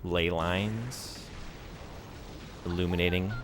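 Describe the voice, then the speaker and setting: A man's voice: low-pitched, steady tone, slow pace, background noise. A man streaming a video game, chatting casually and joking around, rambling with lots of filler words. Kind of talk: casual gameplay commentary.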